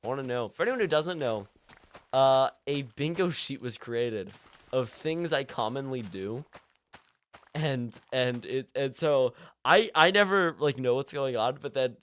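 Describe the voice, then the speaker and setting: A young man talking to his live-stream chat in a loose, rambling way. He keeps cracking himself up as he goes. His voice sits at an ordinary middle pitch for a man. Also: a little slow. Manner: rambling, self-amused, breaks into laughter often. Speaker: livestreamer.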